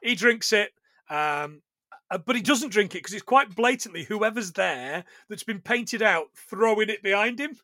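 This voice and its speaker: High, bright-voiced man chatting. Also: expressive, dry recording. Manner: chatty, swearing, quick jokes, voices quoted characters. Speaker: podcast host. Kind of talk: casual chat.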